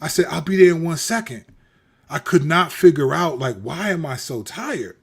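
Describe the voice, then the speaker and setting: Animated streetwise man telling his story. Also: fairly high pitch, normal speed, gravelly, husky. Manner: animated, streetwise, preacherly, repeats himself. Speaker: host. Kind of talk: candid personal storytelling.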